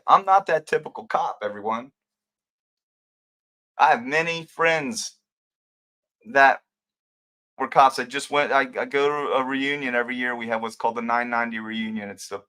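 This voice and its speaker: Emotional older man ranting on a livestream. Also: on the low side. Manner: emotional, ranting, rambling, swings between loud and quiet. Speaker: livestream host, former police detective. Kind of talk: livestream rant answering viewer comments.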